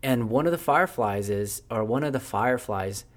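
A man's voice: medium pitch, animated, normal speed. A man telling an improvised story in a casual, unscripted way, with fillers along the way.

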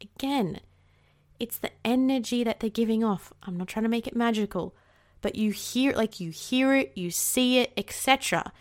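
A woman's voice: fairly high pitch, moderate pace. An Australian woman hosting a casual solo podcast, bubbly and outspoken, swearing freely, with rising inflections at the ends of her sentences. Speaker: podcast host.

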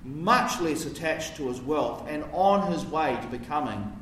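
This man's voice is fairly high and fairly bright, expressive, and paced in a measured way, with slight hiss or hum. He delivers a sermon in a conversational, explanatory style, asking his listeners questions. The sound is roomy, picked up by a distant mic with faint ambience.

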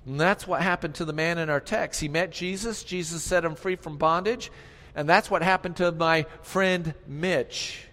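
Pastor preaching in a reverberant hall. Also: male voice, on the high side, a little slow. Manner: preaching, swings from hushed to loud and emphatic; repeats key phrases and calls for congregation responses. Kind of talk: sermon. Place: church sanctuary.

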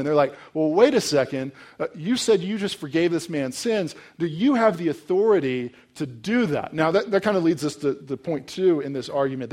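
A man's voice: on the high side, a little mellow. A young adult man preaching a sermon in a conversational, storytelling way with touches of humor. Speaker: pastor.

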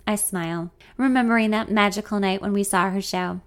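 A woman telling a story in the first person, expressive and confiding. Her voice sits at an everyday middle pitch. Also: fairly quick, hardly any pauses. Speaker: narrator.

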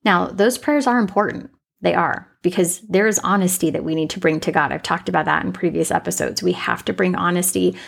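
Podcast host, woman, husky with some gravel, unscripted faith talk, emphatic repeats. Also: on the low side, brisk. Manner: off-the-cuff, conversational, emphatic repetition.

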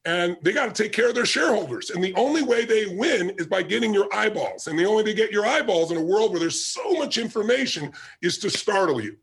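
A man's voice: high-pitched, expressive, fast talker, few pauses, a bit bright, a little hiss or hum. A man giving a motivational talk with personal stories, emphatic and driving, repeating his key points. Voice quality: gravelly, husky. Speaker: motivational speaker.

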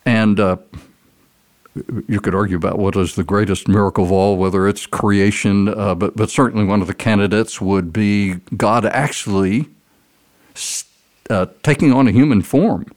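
Low-voiced male guest, earnest storyteller, lively delivery in a conversational interview. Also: normal speed. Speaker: guest speaker.

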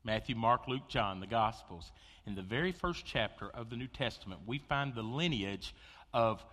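A man preaching a sermon, telling stories with big swings between loud excitement and hushed intensity. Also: mid-range voice, moderate pace. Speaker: pastor. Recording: long hall reverb.

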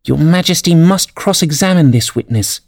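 A man's voice: animated, moderate pace, vocal fry, darkish tone, no room sound, studio quality. A man doing a respectful nervous rabbit. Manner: low, respectful.

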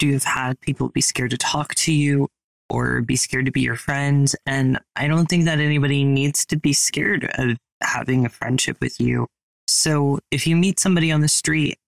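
A man interviewing a guest, asking measured, carefully worded questions in a supportive tone. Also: mid-range voice, creaky, dry recording.

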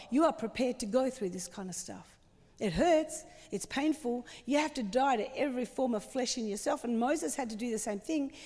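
A woman's voice: high-pitched, a little mellow, big-room sound. A woman preaching a sermon with passion and strong emphasis.

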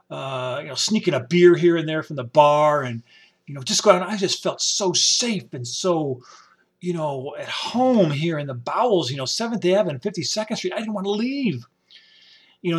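A man from upstate New York telling rambling stories from his past in a casual spoken-memoir style, full of "you know" fillers. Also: on the high side. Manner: rambling, warm storytelling with many "you know" fillers and quoted voices. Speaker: storyteller.

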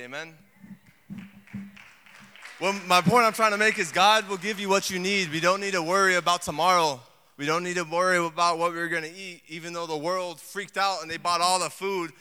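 Bright, resonant man preaching in a hall. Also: high voice, clean tone. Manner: lively, conversational preaching with asides and acted quotes. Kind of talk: sermon. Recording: long hall reverb.

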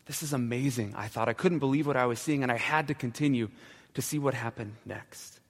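A male pastor with a mid-range voice tells a story during his sermon, slowing down and dropping to a hush at the key moments. The recording carries a long church reverb.

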